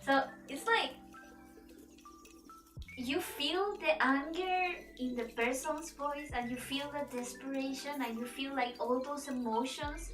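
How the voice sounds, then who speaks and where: A high, bright woman's voice, talking slowly and rambling through a story as she streams. Her voice sounds a bit far from the mic in an echoey room, with music playing behind her. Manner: rambling storytelling with frequent laughs and restarts. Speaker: VTuber streamer and webtoon artist. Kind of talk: casual stream chat while drawing. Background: background music.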